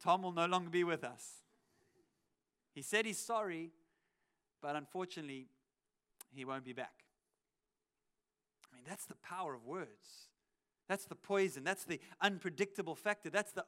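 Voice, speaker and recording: Guy preaching in church on a cheek mic, highish voice, chatty, acts out the quotes. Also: animated, moderate pace, long pauses, bright, forceful tone. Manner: conversational preaching, acts out quotes, wry asides. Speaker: pastor. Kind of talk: sermon. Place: church auditorium. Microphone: cheek headset microphone.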